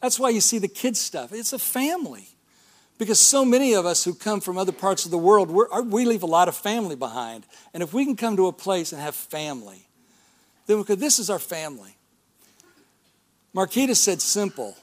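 A man's voice: sits high, animated, fairly quick. A middle-aged male pastor preaching a sermon in a church, talking in a conversational way with rhetorical questions and calls of amen.

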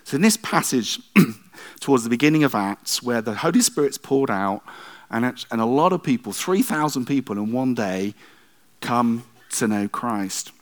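A man's voice: mid-range voice, lively intonation, moderate pace. A middle-aged male pastor preaching a sermon in a conversational way, with self-deprecating asides.

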